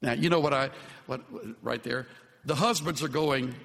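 A man preaching a sermon with an earnest, unhurried delivery that softens to tender, quiet passages. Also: a little high, animated, in a large hall, slight background noise. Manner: slow, earnest preaching with soft, tender dips. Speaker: pastor.

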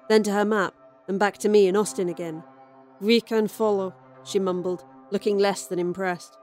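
A woman reading a horror story aloud as a wry, expressive first-person narrator. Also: medium pitch. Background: faint music score.

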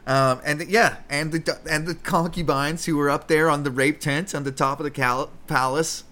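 A man's voice: a little high, steady tone, normal speed, pushed and bright. Rambling, profane man on a podcast. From Canada. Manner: profane, rambling, self-interrupting. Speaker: podcast host. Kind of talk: casual comedic Bible commentary.

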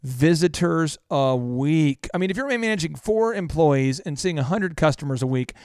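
A man's voice: on the high side, moderate pace, clear, resonant tone, no echo, clean studio sound. A middle-aged man hosting a business talk show, telling stories with energy and acting out the people he quotes. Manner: animated storyteller, acts out quoted people. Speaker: business podcast host.

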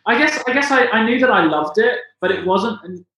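Speaking as an interview guest, a musical theatre singer from England talks in a loose, rambling manner, often self-correcting. His high, bright voice is expressive, forceful and a little fast, with slight hiss or hum on a very echoey, distant recording.

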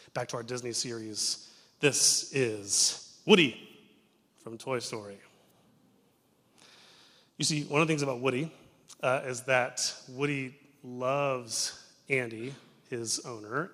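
A young adult man preaching a sermon in a church as pastor, telling stories in an animated way that moves between loud and hushed. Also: mid-range voice. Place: church sanctuary. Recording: reverberant church sanctuary.

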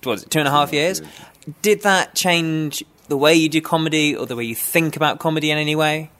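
A man's voice: on the high side, fairly quick, sharp tone. A man hosting a comedy podcast in casual chat, joking and laughing often. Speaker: podcast host.

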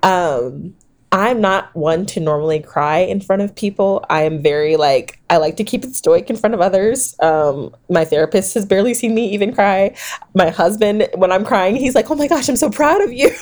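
A woman in her thirties speaks with a notably low voice, telling her story in an interview. She is animated and often laughs, and she acts out the words of other people as she goes. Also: normal speed. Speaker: author and guest.

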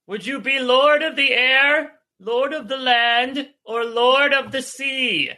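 A man reading the part of a grave old temple monk, speaking slowly and solemnly. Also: extremely high pitch, bright, forceful tone, no room sound, clean studio sound, heavily acted. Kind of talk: reading a story aloud with friends.

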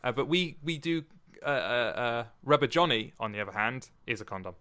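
A man chats on a podcast, jumping from a sonnet to jokes about words. His voice is bright and forward, with a middle pitch, and he rambles in a loose, joking way. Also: fairly quick. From Britain. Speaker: podcast co-host. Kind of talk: casual podcast chat.

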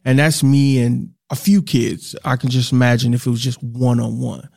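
A man's voice: medium pitch, flat delivery, moderate pace, gravelly, a little mellow, no room sound. A man who teaches podcasting, speaking reflectively in casual talk with many fillers. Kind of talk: casual chat.

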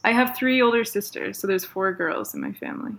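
A woman's voice: mid-range voice, very animated, fairly quick, gravelly, a bit bright. A woman from Toronto with a Canadian accent, a guest chatting casually and giggly in an interview, with lots of fillers.

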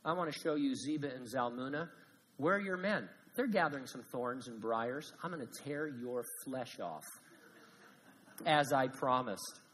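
A man's voice: mid-range voice, measured pace, a bit bright, slight background noise, lightly acted, low-quality recording. A man preaching and acting out a vengeful ancient male warrior who talks bluntly and threatens in a put-on accent. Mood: menacing.

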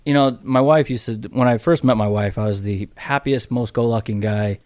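A man's voice: medium pitch, normal speed, darkish tone, no echo. A middle-aged man as a podcast guest, rambling with many restarts and casual swearing as he tells his story. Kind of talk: casual interview chat.

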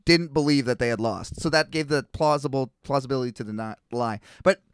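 A man's voice: mid-range voice, a little fast, clean tone, no echo, studio quality. A man co-hosting a podcast, rambling through explanations in casual banter and getting testy when teased. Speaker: podcast co-host.

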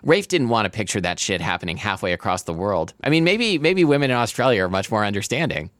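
A man's voice: lowish voice, very animated, fast, a bit bright, no room sound, studio quality. A man hosting a podcast who reads a romance novel aloud and breaks off for playful, wry asides. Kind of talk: reading aloud with joking commentary.

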